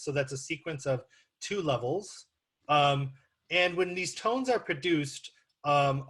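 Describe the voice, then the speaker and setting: A man with an American accent delivers an online academic lecture in a slightly higher-than-average voice. He talks listeners through slides, with plenty of ums and uhs. The audio comes through a computer mic on a video call. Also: a bit bright. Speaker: guest lecturer.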